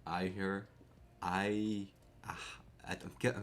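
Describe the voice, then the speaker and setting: A young man with a fairly low voice hosts a casual live stream and talks straight to his viewers. He is excitable, breaks into laughs often and tends to repeat himself. He comes from Canada. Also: normal speed. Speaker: keyboard streamer.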